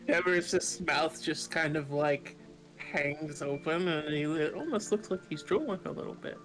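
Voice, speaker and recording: A man playing a tabletop game, describing his character's actions in a casual, animated way. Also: a little high, a little slow. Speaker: player. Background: ambient fantasy music.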